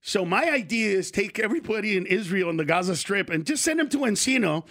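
A high, very lively voice from a man who grew up in East Los Angeles. He tells stories in an easy, chatty way, and his pitch leaps about as he slips into quick voices for the people he quotes. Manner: animated storytelling, drops into voices of people he quotes. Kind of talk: casual chat.

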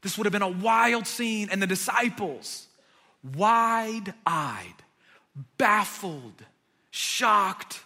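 A man preaching a sermon, retelling a story dramatically and dropping from loud emphasis to near whispers. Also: sits high, animated, slow, long reverb tail. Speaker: pastor.

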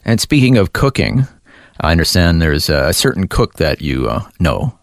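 A man's voice: sits low, very animated, moderate pace, vocal fry, dry recording. A male radio host leading a playful studio interview.

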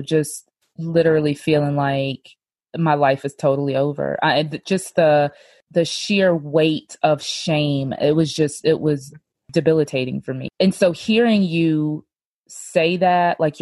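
A woman's voice: low-pitched, darkish tone, dry recording. A woman podcast host telling her own story candidly, full of "like" and "you know.". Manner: earnest, lots of "like" and "you know".

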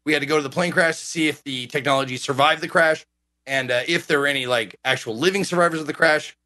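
A man co-hosting a laid-back podcast, his voice bright and a touch high. He rambles through stories with frequent restarts and fillers. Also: fast. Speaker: co-host. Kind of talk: casual podcast chat.

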